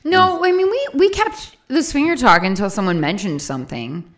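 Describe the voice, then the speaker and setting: A woman's voice: high-pitched, expressive, moderate pace. A woman co-hosting a casual chat, laughing often and trailing off while she recalls a story.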